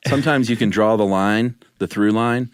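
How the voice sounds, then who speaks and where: Deep-voiced man, laughing podcast co-host. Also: normal speed, clear, resonant tone, dry recording, studio quality. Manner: laughing often, rambling and hesitant. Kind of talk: casual chat.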